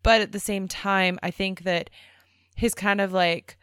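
A woman co-hosting a podcast, arguing her points in an animated, casual way. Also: mid-range voice, measured pace, clean tone, dry recording, studio quality. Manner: animated, argumentative. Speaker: podcast co-host. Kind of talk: casual discussion.

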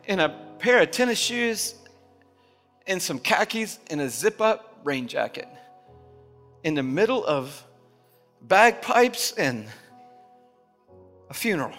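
High bright preaching man in a hall. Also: big pitch swings, takes it slowly, pauses often. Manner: swings from hushed storytelling to loud impassioned preaching. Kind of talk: sermon storytelling. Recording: long reverb of a large hall, music behind.

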